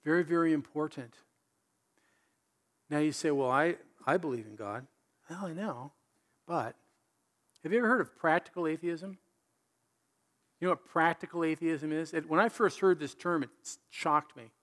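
A man preaching a sermon in an animated, conversational way, full of rhetorical questions. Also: on the high side, moderate pace, pauses often. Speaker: pastor.

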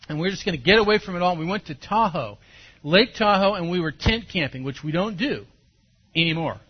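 A man preaching a sermon as a pastor, telling his story with animation and sudden loud bursts. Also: high voice, expressive, a little fast, breathy edge. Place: church service. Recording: dull lo-fi sermon recording.

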